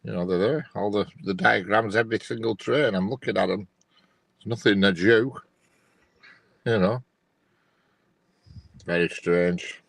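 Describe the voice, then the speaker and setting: A man's voice: on the low side, steady tone, normal speed, creaky, long pauses, fairly bright tone, breathy edge, no room sound, poor audio. A man, chatting casually on a live stream with many restarts, sounding bemused as he checks train diagrams. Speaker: co-host watching live train feeds.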